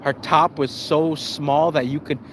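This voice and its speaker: Brief: young male streamer, higher-pitched voice, cussing, animated, slangy, stumbling restarts. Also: measured pace, a little hiss or hum. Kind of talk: casual live-stream storytelling.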